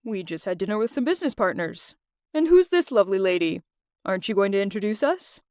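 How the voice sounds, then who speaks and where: A woman's voice: mid-range voice, expressive, fast talker, darkish tone, no echo, clean studio sound, voice pushed down, close to an everyday voice. Woman playing a snobbish domineering rich father. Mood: sociable. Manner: contemptuous, commanding. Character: snobbish wealthy domineering middle-aged father.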